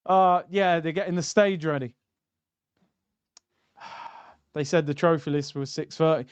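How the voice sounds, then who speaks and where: A man's voice: sits high, measured pace, long pauses, darkish tone, clear, resonant tone, dry recording. A young man, hosting a casual football watchalong stream, bantering and reading out chat messages.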